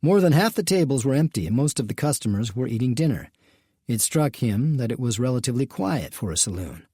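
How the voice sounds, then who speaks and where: Husky mellow male audiobook narrator. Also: mid-range voice, sing-song, a little fast, dry recording, clean studio sound. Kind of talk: scripted narration.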